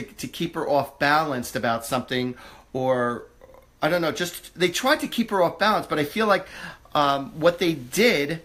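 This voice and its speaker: A man hosting a live psychic reading, who talks in a halting, searching way with many fillers and restarts, then turns upbeat and reassuring. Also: mid-range voice, a bit bright. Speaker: psychic medium host.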